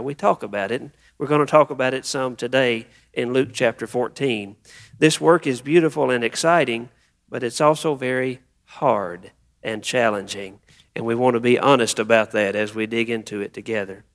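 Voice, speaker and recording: A male pastor preaching a sermon in a church, leading prayer and reading scripture in a slow, earnest way. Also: mid-range voice, gravelly.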